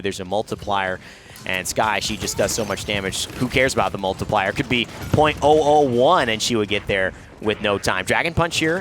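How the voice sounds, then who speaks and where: A man calling a live esports match as play-by-play caster, with energetic delivery. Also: fairly low pitch, background noise.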